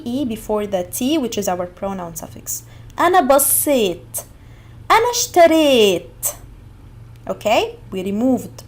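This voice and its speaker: A woman from Egypt teaching an online language lesson, patiently repeating example words slowly and clearly. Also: fairly high pitch.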